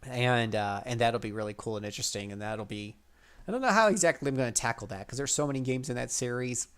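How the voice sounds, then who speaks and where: A man's voice: medium pitch, quick pace, fairly bright tone, clean tone. A man hosting a retro PC gaming video, talking casually and rambling with restarts. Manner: rambling, with many fillers and restarts. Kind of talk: casual commentary.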